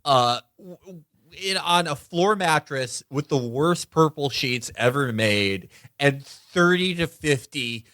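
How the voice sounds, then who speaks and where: A man's voice: on the high side, animated, takes it slowly, pushed and bright, no room sound, clean studio sound. A man co-hosting a podcast, crude and mocking, with a jumpy delivery. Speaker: podcast co-host. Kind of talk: casual political chat.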